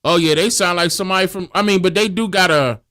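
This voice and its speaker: A man talking casually in heavy slang, explaining his views at length in a relaxed way. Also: high voice, quick pace. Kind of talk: casual conversation.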